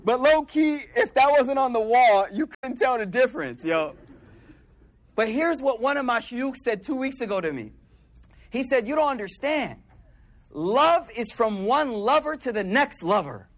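A man giving a casual, slangy sermon and acting out quick asides in a lower voice. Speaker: preacher.

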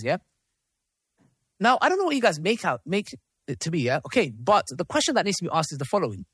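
A man moderates a discussion in an animated way. His pitch moves a lot as he reads messages aloud and comments on them. The sound is dry and close. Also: fast talker, no echo. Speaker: host.

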